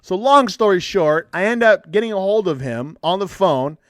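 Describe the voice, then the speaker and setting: This man, a counselor co-hosting a podcast, has a high voice and a moderate pace. Chatting casually, he tells a story with animation, performing the voices of those he quotes. The recording is studio-clean, without echo.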